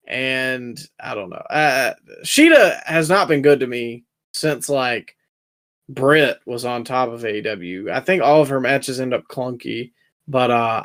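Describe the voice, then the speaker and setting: A young man co-hosting a casual wrestling review podcast, talking in an animated, sarcastic way. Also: medium pitch, measured pace. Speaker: podcast co-host.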